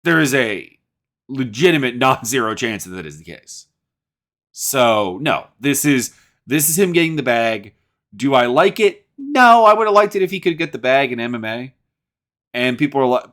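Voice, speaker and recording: A man hosting his own show, talking through his opinions in a loose, rambling way. His voice sits at an ordinary pitch but swings up and down freely, and he stumbles, restarts and fills gaps with "like" as he builds his points. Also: a bit bright. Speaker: podcast host. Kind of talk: casual commentary.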